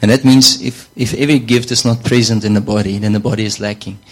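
A man's voice: on the low side, fairly even intonation, fast talker, slightly rough, rough recording. A man preaching a sermon in a conversational way, often repeating words and saying "you know".

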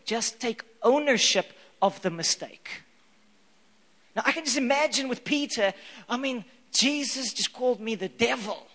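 Brief: male preacher, high and bright, playful and animated, reverberant hall. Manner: animated, playful, acts out scripture scenes. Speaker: pastor. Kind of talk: sermon. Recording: echoey hall.

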